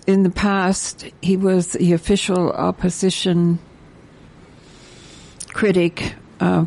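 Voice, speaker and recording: An older woman, hosting a community radio show, reading announcements in a halting way with many fillers. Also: fairly low pitch, warm tone. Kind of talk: casual radio chat and announcements.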